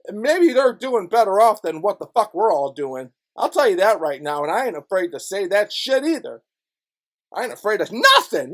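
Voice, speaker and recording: A man ranting angrily into the camera, swearing constantly and swinging between low mutters and loud outbursts. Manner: profane, swings from mutters to shouts. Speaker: video blogger. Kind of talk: angry ranting monologue.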